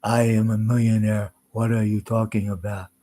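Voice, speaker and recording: A man mimicking another man as a smug, pompous rich man, talking slowly and loudly. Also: fairly low pitch, flat delivery, lightly acted.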